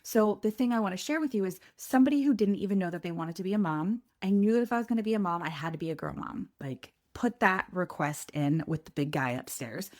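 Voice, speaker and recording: A woman in her thirties hosting a podcast, telling a personal story in a candid, animated way and quoting people in lively voices. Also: medium pitch, fast talker, few pauses. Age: 30s. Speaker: podcast host.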